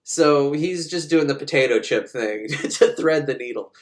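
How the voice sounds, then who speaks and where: A man giving a casual, profane, sarcastic comedic recap of a movie, acting out the characters in quick voices. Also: a little high.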